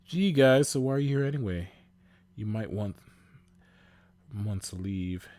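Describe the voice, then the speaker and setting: A man's voice: fairly low pitch, expressive, a little slow, a little mellow, voice pushed up. Man playing a cocky young gang leader, eager, corny, upbeat.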